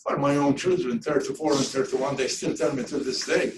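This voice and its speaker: A man in his sixties with a non-native English accent, answering questions in an academic discussion with an animated, thoughtful manner. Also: medium pitch, quick pace, background noise. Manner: animated, thoughtful, frequent restarts. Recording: echoey room, far from mic.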